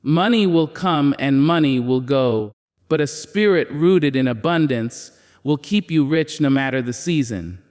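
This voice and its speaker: Slow, solemn male preacher in a reverberant hall. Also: a little high, expressive, a little mellow. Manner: solemn, emphatic declarations with repeated phrases. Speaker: motivational speaker. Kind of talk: preaching motivational speech.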